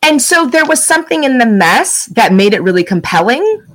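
A middle-aged woman in casual conversation as a guest, telling a story with lively acted-out quotes. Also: a little high, normal speed, low-quality recording. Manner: animated storyteller, acts out quoted lines. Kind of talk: casual chat.

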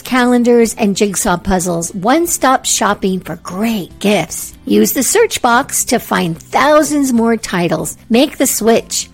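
A woman reading a scripted advertisement in a slow, measured way. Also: mid-range voice. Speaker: ad announcer. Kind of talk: scripted ad read.

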